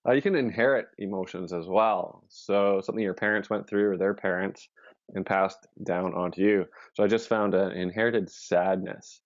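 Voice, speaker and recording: A low-key man with a very deep voice talks through his process in quiet murmurs. His sound is dry and dull, like a lo-fi stream. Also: normal speed, dry recording. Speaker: co-host, practitioner. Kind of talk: live-stream session narration.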